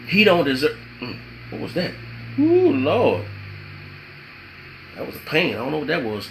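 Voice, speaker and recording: A man's voice: a little high, huge pitch swings, measured pace, pauses often, a little hiss or hum, poor audio. A man giving relationship advice as a vlogger, emphatic and repetitive, slipping into preachy spiritual asides. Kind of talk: preachy motivational talk.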